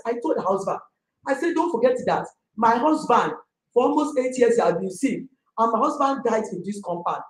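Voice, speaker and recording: A middle-aged woman with a Nigerian accent, a landlady complaining about a tenant in an emphatic, excitable way. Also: on the high side, a little fast. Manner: emphatic, excitable, talks forcefully. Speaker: landlady in a dispute. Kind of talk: heated complaint. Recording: echoey room.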